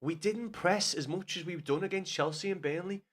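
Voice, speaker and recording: A man's voice: high-pitched, moderate pace. A man streaming live, rambling and swearing, laughing a lot and talking to viewers by name. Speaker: livestreamer. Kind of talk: casual live stream chat.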